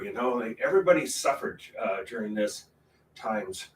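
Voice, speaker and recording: A man hosting a painting livestream, rambling in casual chat with sudden loud bursts. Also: lowish voice, normal speed, a little hiss or hum. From Portland, Oregon area. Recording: roomy, from a distance, faint ambience.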